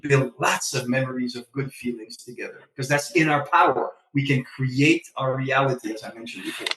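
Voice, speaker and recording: A man talking as a podcast guest in a casual chat, an animated storyteller who acts out his own lines. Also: mid-range voice, normal speed, recorded from a distance. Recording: echoey room, away from the mic.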